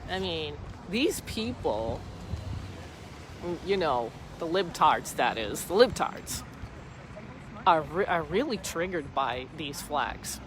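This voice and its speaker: A woman talks into a phone on a live stream outdoors, slowly and with lively ups and downs in pitch. She rambles and repeats herself for emphasis. Traffic and wind noise are clearly heard behind her. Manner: rambling, repetitive, emphatic storytelling. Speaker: livestreamer at a street protest. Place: outdoors by a street. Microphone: phone camera held by the speaker.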